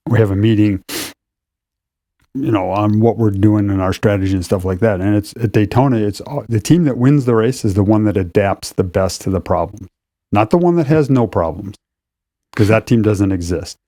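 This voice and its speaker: Low mellow man explaining racing. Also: no room sound, clean studio sound. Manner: measured, explanatory, with restarts. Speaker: racing competition director, co-host. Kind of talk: casual podcast chat.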